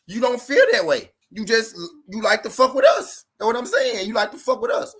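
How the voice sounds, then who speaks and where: A man's voice: very high-pitched, big pitch swings, brisk, fairly bright tone. A man from Memphis, hosting casual sports talk in a profane, argumentative, repetitive way. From Memphis, Tennessee.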